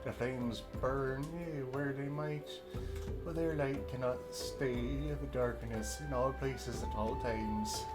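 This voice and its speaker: A man's voice: medium pitch, close to an everyday voice. A man doing a stern camp leader in a made-up accent. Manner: vague made-up accent, halting read with fillers. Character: stern male camp leader, formal old-fashioned speech. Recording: music playing behind.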